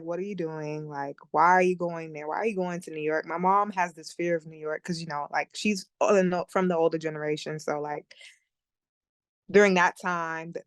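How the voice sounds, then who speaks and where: A young woman talks through her story in a relaxed, easy way, with lots of fillers and frequent laughs. Her voice sits a little low, and the recording is dry and close. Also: dry recording. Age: young adult. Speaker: guest. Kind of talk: casual interview chat.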